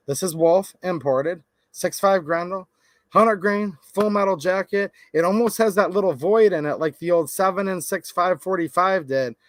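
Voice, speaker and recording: A man's voice: on the high side, a bit bright, no room sound. A man hosting a gun channel, venting and chatting casually with lots of "like", in his thirties. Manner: rambling, laid-back, lots of "like".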